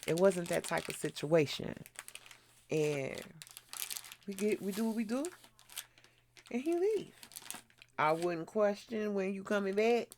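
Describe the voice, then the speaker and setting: A woman's voice: medium pitch, animated, unhurried, pauses often, darkish tone, slight background noise. A middle-aged woman hosting her own channel, telling a frank, blunt story in casual chat while doing her skincare. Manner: frank, blunt, laughs often. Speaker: vlogger host.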